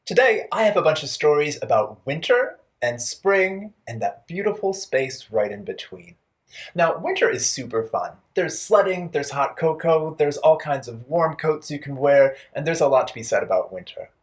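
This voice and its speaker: Playful, lively children's storytime host. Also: medium pitch, normal speed. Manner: playful, encouraging, talks directly to young children. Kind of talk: children's storytime with songs and rhymes.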